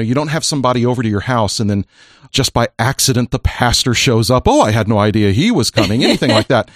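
Jovial podcast host, dry close sound. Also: male voice, mid-range voice, dry recording. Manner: jovial, earnest when explaining. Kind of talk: casual chat and enthusiastic endorsement.

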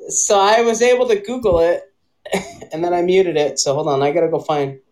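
A woman's voice: fairly low pitch, normal speed, darkish tone, poor audio. A woman hosting a casual live chat with friends, rambling through a story and laughing often. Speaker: host.

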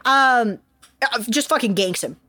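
A young woman hosting a podcast, casually telling history as comedy, profane and animated, slipping in quick voices for the people in her story. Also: fairly high pitch, no room sound. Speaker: podcast host.

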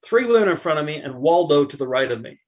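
A middle-aged man talks casually on a podcast, his voice sitting a bit high for a man. He tells his anecdote with energy and acts out each character's lines as he goes. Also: fast talker. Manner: animated anecdote telling with acted-out quotes. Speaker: podcast guest. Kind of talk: casual chat, storytelling.

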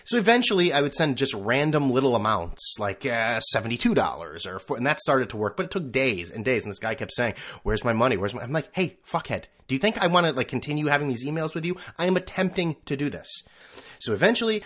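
A man's voice: mid-range voice, sing-song, fast, a bit bright. Sarcastic, swearing male podcast host. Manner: profane, sarcastic, acts out quoted voices. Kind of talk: casual solo podcast rant.

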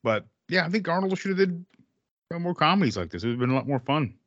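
A man's voice: on the high side, animated, fast talker, fairly bright tone, no room sound, dull audio. A man casually talking over a film with friends on a podcast, rambling and swearing freely. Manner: rambling, profane, quotes lines in playful voices. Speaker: podcast co-host. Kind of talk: casual movie discussion.

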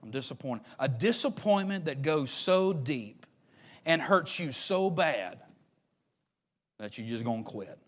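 This pastor's sermon moves slowly, with frequent pauses and lively intonation. He sinks into a hushed low register before building to loud shouting peaks, and he repeats phrases in a folksy style.

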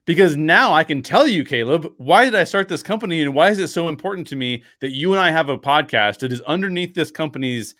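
A man in his thirties, a podcast host telling a personal story with lively acted-out quotes and frequent restarts. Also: a little high, quick pace, few pauses, no room sound, studio quality. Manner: animated storyteller acting out quotes, many restarts.

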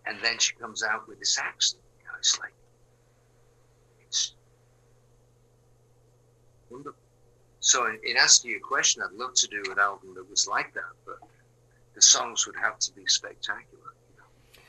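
An older man from England, a musician answering interview questions in a relaxed, rambling way, full of fillers and restarts. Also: lowish voice, moderate pace, pauses often, husky, rough recording. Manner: rambling, frequent fillers and restarts, drops to quiet asides. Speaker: musician guest.

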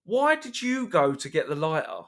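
A man's voice: fairly high pitch, big pitch swings, normal speed, a bit bright. A man co-hosting a podcast, reacting with short remarks and questions to a story. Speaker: podcast co-host. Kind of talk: casual chat, reacting.

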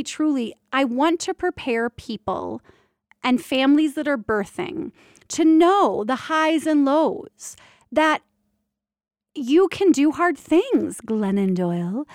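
A woman with a high voice and a gravelly, fry-laced edge tells stories from her doula work in a loose, animated monologue. She is candid and playful and drops the odd mild swear. The sound is close and dry, with no room around it. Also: no echo. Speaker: doula and prenatal yoga teacher. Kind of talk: casual storytelling monologue.

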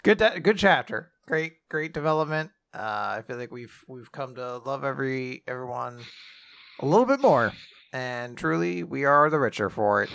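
A man's voice: mid-range voice, lively intonation, moderate pace, vocal fry, a bit bright, clean tone. A man co-hosting a podcast, commenting in a dry, wry way. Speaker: podcast co-host. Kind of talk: casual chat.

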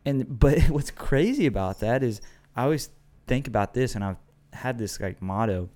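A man's voice: medium pitch, expressive, normal speed, a little mellow. A man in casual conversation, speaking earnestly and reflectively about faith and serving others. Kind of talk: casual chat.

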